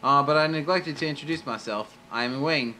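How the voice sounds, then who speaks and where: A man's voice: on the high side, fairly quick, sharp tone, rough recording. A man reading as a stern lance guildmaster. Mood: approving. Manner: formal, archaic phrasing read aloud.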